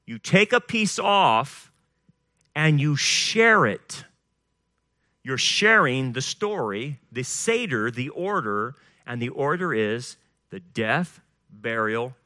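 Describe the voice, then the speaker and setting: Male pastor, slightly high and forceful voice, animated sermon delivery with scripture reading. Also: dry recording, clean studio sound. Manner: animated preaching, reads scripture aloud with rising emphasis. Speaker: pastor leading a Passover Seder service.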